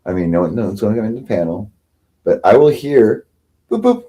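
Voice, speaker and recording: This livestream host has a dark, lowish voice with lively intonation and a brisk delivery. His rambling rant swings between sarcasm and self-pity, and he mocks others often.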